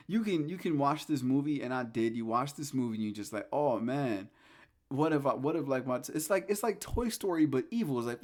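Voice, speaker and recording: A man hosting a solo podcast, telling horror film scenes in an animated, profane way, swinging from hushed storytelling to loud incredulous rants. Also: high voice. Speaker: podcast host. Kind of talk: casual solo talk about horror films.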